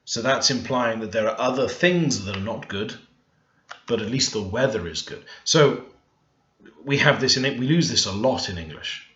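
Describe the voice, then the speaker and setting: A man's voice: mid-range voice, expressive, normal speed, sharp tone. A man working through a grammar lesson over a screen recording, thinking aloud and stressing the words in his example sentences. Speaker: language learner teaching. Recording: echoey room, dull lo-fi sound.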